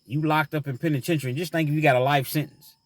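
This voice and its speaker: A man's voice: a little high, steady tone, rapid-fire. Earnest man telling a prison story. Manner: earnest, reflective, many "you know" fillers; preachy advice to young men. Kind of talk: personal storytelling vlog.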